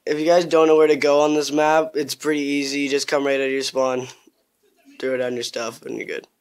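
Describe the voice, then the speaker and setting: A young man giving casual, crude gameplay commentary, swearing constantly and bursting into excitement. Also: mid-range voice, fairly quick, clear, resonant tone.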